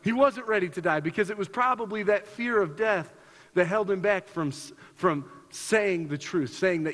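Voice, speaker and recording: High-voiced preacher in a reverberant hall. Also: male voice, normal speed. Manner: earnest, repeats himself, rises in pitch for emphasis. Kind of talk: sermon.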